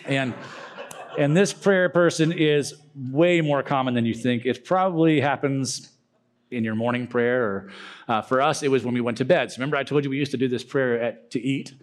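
A man's voice: medium pitch, moderate pace. A young man giving a casual, joking talk to a youth group, acting out silly prayer voices.

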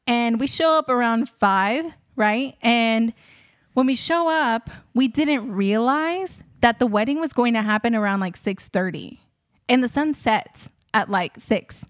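A woman's voice: a little high, dry recording, studio quality. A woman who is a wedding photographer and host, telling a story casually to her listeners, chatty with many fillers and frequent laughs.

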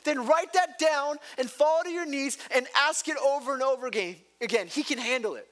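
A man's voice: extremely high pitch, fairly quick, hardly any pauses, fairly bright tone. A male pastor preaching a sermon, impassioned and building to emphatic peaks, with chatty personal asides. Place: church.

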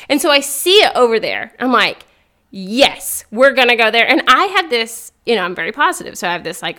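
Young female podcast host, faith talk, upbeat and earnest, slightly high voice. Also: moderate pace. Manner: earnest, upbeat, laughs often, excitable rises.

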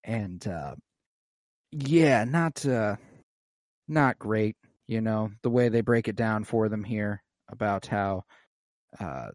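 A man's voice: on the low side, slow, long pauses, a little mellow, no echo. Casual guy hosting, loose rambly recap, dry close sound. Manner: loose, rambling, many fillers. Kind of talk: casual chat recapping an episode.

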